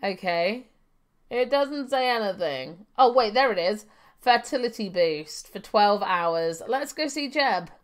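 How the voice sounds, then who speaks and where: A woman's voice: medium pitch, animated, unhurried. A young adult woman giving chatty live gameplay commentary, thinking aloud with fillers and laughing often. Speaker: game streamer.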